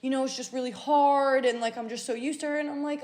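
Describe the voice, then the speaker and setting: A woman in her twenties hosting a podcast, telling a personal story in a casual, animated way, swearing freely and acting out what people said. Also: high-pitched, fast, few pauses. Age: 20s. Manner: animated, swears freely, acts out quoted voices. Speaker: podcast host.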